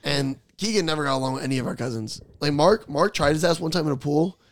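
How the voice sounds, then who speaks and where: A young man hosting a podcast, telling animated, profanity-filled childhood stories to his friends and acting out the people in them. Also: a little high, fast. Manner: animated, swears a lot, acts out voices in his stories. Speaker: podcast host. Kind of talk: casual storytelling among friends.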